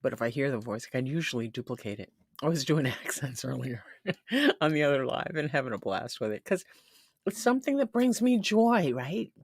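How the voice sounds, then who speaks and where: A woman's voice: a bass voice, animated, a little fast, darkish tone, husky, no echo, clean studio sound. A woman hosting a casual live stream who chats freely, laughs often and reads comments from the chat aloud. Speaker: livestream host.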